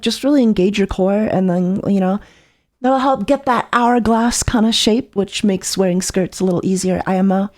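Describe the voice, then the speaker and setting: A woman's voice: a little high, darkish tone. A woman streamer reacting to a video, talking casually and leaning on "like" and "right?". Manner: chatty, full of "like" and "right?".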